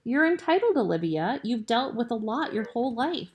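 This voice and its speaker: A woman's voice: a little high, big pitch swings, moderate pace, pitched above the performer's own voice. A woman reading aloud and voicing an earnest teenage boy who soothes his upset girlfriend.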